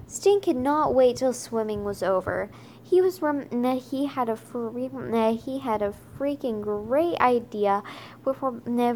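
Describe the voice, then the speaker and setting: A woman reads a children's storybook aloud at a very slow, careful pace, often stumbling with fillers and restarting her phrases. Her voice sits a little high, and a faint hiss of background noise runs under the recording. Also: a little mellow. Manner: halting, with frequent fillers and restarts. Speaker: reader. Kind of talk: reading a children's chapter book aloud.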